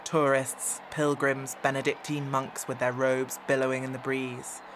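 A woman presenting and narrating a radio documentary in a measured, clear reporting voice. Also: rumbling low, monotone, noisy background. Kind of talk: scripted narration.

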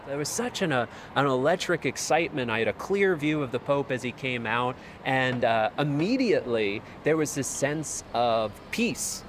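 A man's voice: mid-range voice, animated, normal speed, hardly any pauses. Man in his forties, city noise behind. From Texas. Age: 40s. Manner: earnest, thoughtful, with occasional fillers. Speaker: priest and lecturer. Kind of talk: interview. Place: street and taxi in a city. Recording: on-location audio with clear city noise.

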